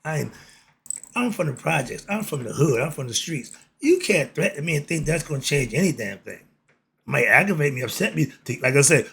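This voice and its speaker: A man's voice: a little high, very animated, brisk, vocal fry, bright, forceful tone, slightly rough. A man hosting a casual political monologue, blunt and streetwise, asking himself "why?" and answering. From United States. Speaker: commentary channel host.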